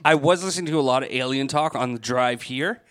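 A man's voice: medium pitch, fast talker, fairly bright tone. A man hosting a casual comedic chat, teasing and laughing often.

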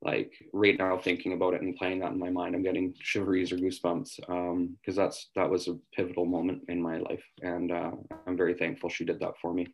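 A man's voice: low-pitched, rough recording. A man from western Canada telling his own story in an interview, candid and earnest. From West Kootenays, British Columbia, Canada. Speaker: interviewee in addiction recovery. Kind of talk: reflective interview answers.

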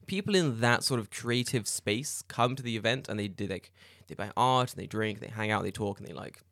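Podcast dude, chatty and animated, laughs a lot, dry close mic. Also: male voice, fairly low pitch, a little fast, dry recording. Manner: animated storyteller, laughs often, acts out quotes. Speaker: podcast co-host. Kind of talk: casual chat.

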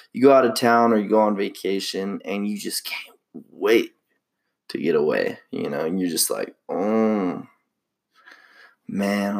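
A man's voice: sits low, vocal fry. A young man hosting a casual solo podcast, rambling in a laid-back way with lots of slang and fillers. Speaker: podcast host.

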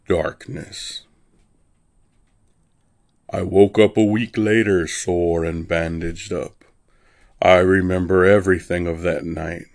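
A man narrating a dark first-person story in a wry, deadpan way. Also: low voice, vocal fry, no room sound.

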